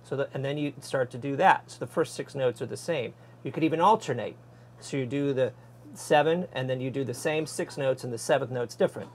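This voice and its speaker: A man's voice: mid-range voice, fairly quick, slight background noise. A man who is a guest guitarist, explaining playing technique in a thoughtful way with some stammering restarts.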